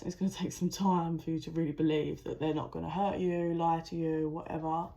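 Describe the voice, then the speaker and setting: A woman's voice: low voice, brisk. A woman giving a chatty, channeled tarot reading, with lots of "like" and restarts. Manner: chatty, animated, full of "like" and restarts. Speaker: tarot reader.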